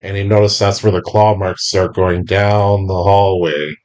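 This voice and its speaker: A man running a tabletop game as game master, describing scenes slowly and deliberately. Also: deep voice, steady tone, darkish tone.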